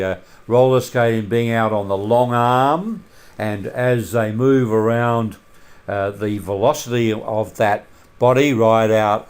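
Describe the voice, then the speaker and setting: A man teaching a maths lesson over a screencast in a relaxed way, with many filler sounds and questions put to the students. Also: on the low side, clear, resonant tone.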